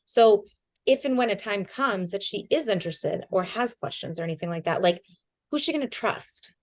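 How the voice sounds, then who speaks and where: A woman's voice: mid-range voice, animated, normal speed. A woman on a group video call, telling a rambling, heartfelt story full of fillers and restarts. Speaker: team member on a community call. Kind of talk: casual chat on a group call.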